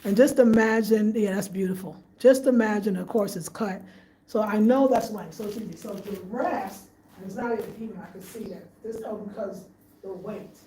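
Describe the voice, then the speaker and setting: A woman's voice: mid-range voice, normal speed, warm tone. A woman chatting casually in a home design vlog, thinking aloud as she shows her living room and often repeats herself. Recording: echoey room, faint room noise.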